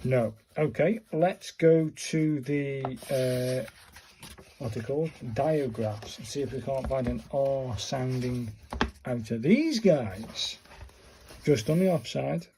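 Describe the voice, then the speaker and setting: An unhurried man talks through a casual home tutorial, questioning himself aloud and addressing his viewers. His voice is mellow and mid-pitched. A faint hiss of noise sits under the recording. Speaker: vlogger learning calligraphy.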